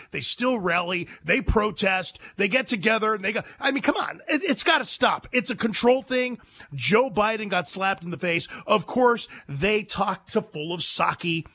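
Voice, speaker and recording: High, bright-voiced male talk radio host. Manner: emphatic, indignant, takes calls.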